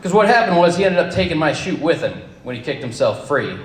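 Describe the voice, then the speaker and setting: A man tells a personal story live to an audience, with wry, deadpan humor and the odd curse. His pitch swings widely as he talks. The sound is roomy, with a faint hum of ambient noise behind him. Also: fairly quick. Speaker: storyteller at a campfire event.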